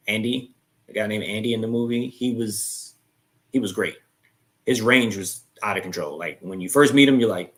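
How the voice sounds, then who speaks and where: A young adult man hosting a live chat, casually retelling a movie's plot and acting out its lines in quick quoted voices. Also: fairly low pitch.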